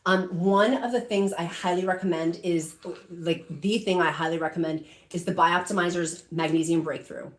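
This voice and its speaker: A woman's voice: lowish voice, fairly even intonation, normal speed. A middle-aged woman hosting a shopping livestream, chatting casually and emotionally as she reads out viewer comments, with many fillers. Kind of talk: casual live-stream chat reading comments.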